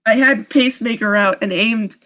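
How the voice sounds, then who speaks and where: A woman's voice: a little high, normal speed, pushed and bright. A young woman reading a creepy story on a live stream, often breaking off to laugh and make sarcastic jokes about the writing.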